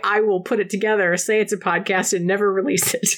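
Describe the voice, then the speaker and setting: A woman's voice: medium pitch, little pitch movement, quick pace. A woman hosting a podcast, recapping with sardonic, profane asides. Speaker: podcast host. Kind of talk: casual chat and recap.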